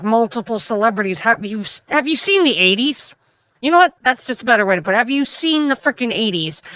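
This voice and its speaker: Chatty woman reacting to memes, bright clear voice, dry close sound. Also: medium pitch, dry recording, low-quality recording. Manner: chatty, opinionated, reads memes aloud in quick voices. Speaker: meme reaction host. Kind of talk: casual meme reaction commentary.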